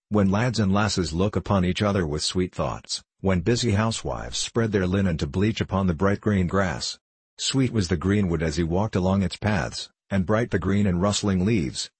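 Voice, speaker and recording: A man narrating an old-fashioned storybook tale in a steady storytelling voice. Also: low voice, breathy edge, no echo.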